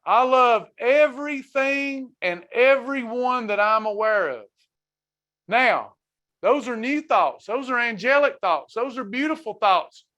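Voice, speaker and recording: A man with a very high, pushed, bright voice leads a faith-based wellness class online, preaching fervently and reading members' comments aloud as he goes. The audio sounds dull.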